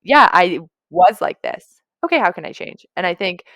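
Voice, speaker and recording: A woman's voice: on the low side, big pitch swings, moderate pace, a bit bright, dry recording, clean studio sound. A young woman co-hosting a podcast, reflecting in long, run-on thoughts during a casual chat. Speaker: podcast co-host.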